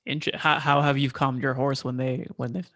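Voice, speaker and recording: A man's voice: mid-range voice, flat delivery, brisk, pushed and bright. A man hosting an interview, asking a brief follow-up question. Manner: brief encouraging backchannels. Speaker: podcast host.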